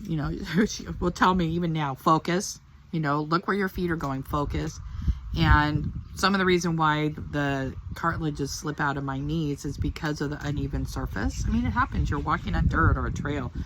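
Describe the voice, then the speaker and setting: A woman's voice: low-pitched, normal speed, few pauses, background noise. An older woman giving a casual personal testimony about her faith, talking in an earnest, heartfelt, rambling way. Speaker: Christian testimony speaker.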